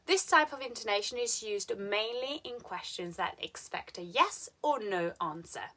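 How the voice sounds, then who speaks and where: Italian woman with bright, lively teaching voice. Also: mid-range voice. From Italy. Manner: slow, clear, exaggerated intonation. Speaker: English teacher. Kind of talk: lively scripted lesson with spoken example sentences.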